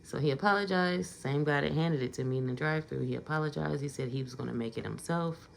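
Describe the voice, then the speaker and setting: A woman's voice: low voice, quick pace, creaky, slight background noise. A woman telling a casual storytime vlog in a conversational way, getting emphatic in her asides.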